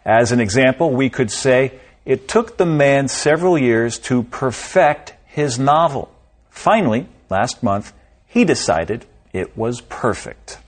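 A man speaks at an unhurried pace as a lesson co-host, with a mid-range voice. He explains grammar calmly and reads out example sentences. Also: medium pitch. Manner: calm, measured, gives example sentences. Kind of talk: scripted explanation.

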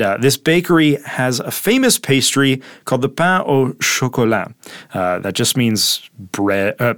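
A man co-hosting a casual English lesson, explaining words and phrases in a relaxed way with many fillers. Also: mid-range voice, dry recording, studio quality. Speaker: English teacher co-host. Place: studio in Taipei.

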